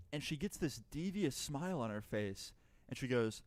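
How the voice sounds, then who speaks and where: A man's voice: mid-range voice, lively intonation, a little fast, a little mellow, no echo. A man telling a personal story in a chatty, profane way, acting out both sides of the dialogue. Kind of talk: casual storytime narration.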